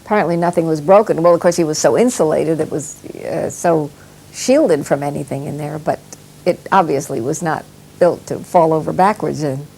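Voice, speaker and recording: An older woman in an interview recalling an on-set accident, pausing often with fillers. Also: sits low, vocal fry, breathy edge, low-quality recording. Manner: halting, many fillers, gentle. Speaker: interviewee, actress. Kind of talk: storytelling interview.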